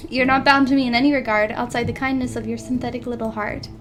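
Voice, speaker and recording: A woman's voice: a little high, fairly even intonation, fast, close to an everyday voice. A woman voicing a fussy, proper male inventor, reading a visual novel aloud in a formal, clipped way. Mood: gentle, formal.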